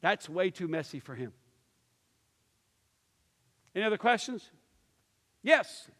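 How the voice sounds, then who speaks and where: A man's voice: high-pitched, sing-song, takes it slowly, fairly bright tone. A male pastor teaching a church class, telling stories and acting out the voices in them, with many restarts and fillers. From Pittsburgh area. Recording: long hall reverb.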